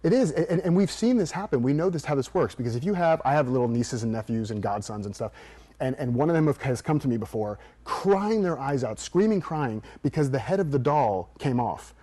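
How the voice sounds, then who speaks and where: A man's voice: mid-range voice, a little fast. A man who is a performance coach, telling stories as an interview guest and acting out the people in them. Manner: animated storyteller acting out quotes.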